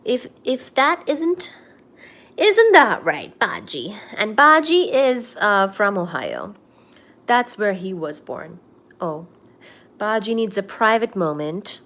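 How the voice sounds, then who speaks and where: A woman's voice: medium pitch, sing-song, slow, a bit bright. A woman hosting a casual live stream from home, chatting with viewers and reading their comments aloud. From India. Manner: chatty, reads viewer comments aloud, coos at her cat. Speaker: livestream host. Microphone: laptop.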